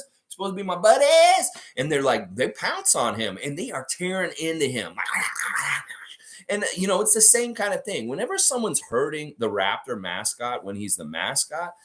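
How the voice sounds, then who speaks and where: A man chatting casually about his team and then spinning a goofy improvised story. He rambles and restarts with plenty of fillers, his voice a middle pitch that keeps bouncing animatedly. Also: a bit bright. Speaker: basketball fan vlogger.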